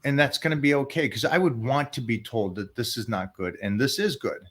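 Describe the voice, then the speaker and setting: Man, podcast host, casual chat, mid-pitched, laughs easily, talks to viewers. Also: a little fast, a bit bright. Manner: laughs often, addresses viewers directly.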